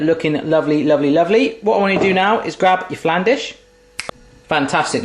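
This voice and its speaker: A man's voice: a little high, a bit bright, roomy sound. A man chatting playfully while cooking in his home kitchen, full of cheeky asides. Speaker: cooking vlogger. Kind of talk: jokey cooking video chat.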